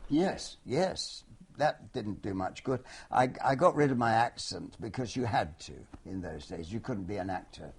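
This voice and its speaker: A man's voice: lowish voice, expressive, normal speed, few pauses, husky. A man in his eighties from London, a veteran actor answering interview questions in a wry, hesitant way with many restarts. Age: 80s.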